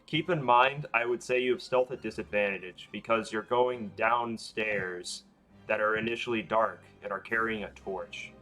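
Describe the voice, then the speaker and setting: A man's voice: on the low side, moderate pace, a bit bright, soft background music. Hesitant man running a tabletop game. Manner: loose, hesitant, many fillers. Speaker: dungeon master.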